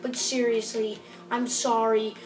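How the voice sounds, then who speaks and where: A woman hosting a gameplay video, chatting casually in a rambling, excitable way and apologising often. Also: a little high, unhurried, distant mic. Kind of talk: casual game commentary. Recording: roomy sound from off the mic with music behind.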